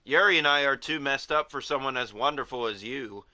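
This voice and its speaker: A man reading aloud the slow, chanting lines of an eerie possessed girl from a visual novel. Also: mid-range voice, pushed and bright.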